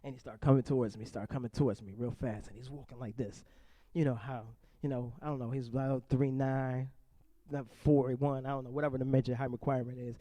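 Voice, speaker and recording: A man's voice: mid-range voice, fairly even intonation, fairly quick, warm tone, dry recording. Playful man doing stand-up crowd work. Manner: playful, chatty crowd work, often laughing. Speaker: comedian performing for a seniors group.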